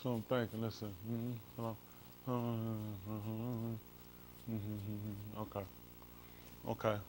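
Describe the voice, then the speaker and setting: A man's voice: on the low side, level tone, extremely slow, noisy background. A male pastor leads an informal Bible study, comparing translations and coaxing someone along with repeated "come on.".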